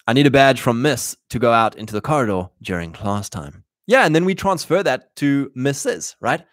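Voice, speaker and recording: Speaking directly to his listeners, a male host gives a punchy, animated casual monologue, dropping into quick voices for the people he quotes. His voice is ordinary male pitch and sounds close and dry, without room echo.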